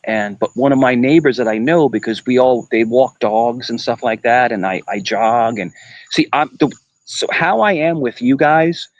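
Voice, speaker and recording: A man from Queens, New York chatting casually on a live stream, rambling and repeating himself with animated energy. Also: mid-range voice, normal speed, no room sound, lo-fi sound.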